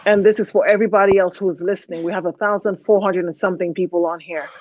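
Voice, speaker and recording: A woman hosting a live call-in talk show, emotional and halting, with many hesitant restarts. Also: lowish voice, steady tone, a little mellow, no echo, dull audio.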